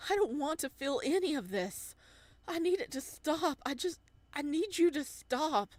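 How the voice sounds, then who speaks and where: A woman voicing a tormented, violent young man who pleads and shouts in a cracking voice. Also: high-pitched, animated, measured pace, no echo, pitched above the performer's own voice. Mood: anguished.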